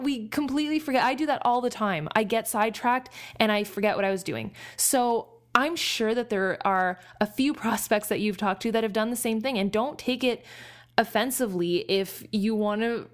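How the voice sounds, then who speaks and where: A woman business coach giving a coaching talk, speaking fast and energetically in a chatty way. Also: mid-range voice.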